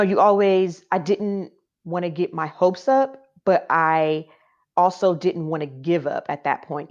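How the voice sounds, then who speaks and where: A woman as a podcast guest, telling a personal story in a heartfelt, emotional way with many fillers. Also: sits low. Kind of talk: casual interview storytelling. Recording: dull lo-fi sound.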